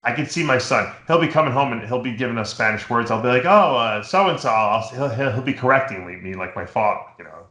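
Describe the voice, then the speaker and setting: A middle-aged man from New York hosting a show, chatting casually and telling rambling, animated stories. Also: mid-range voice, a little fast, roomy sound. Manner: rambling, animated storytelling with impressions. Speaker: podcast host. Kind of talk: casual chat.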